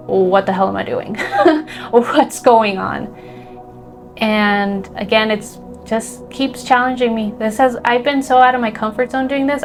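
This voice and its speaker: A woman spiritual teacher, emotional and close to tears, talking earnestly about faith and trust with many fillers and restarts. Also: medium pitch. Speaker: spiritual teacher and energy healer. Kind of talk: heartfelt spiritual talk to camera.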